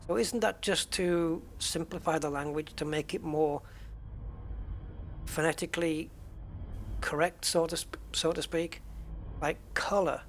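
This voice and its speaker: A British man in his fifties rambles in a relaxed, joking way while streaming a space game, his voice sitting slightly higher than most men's. He speaks at a measured pace and pauses often. A faint hum runs underneath.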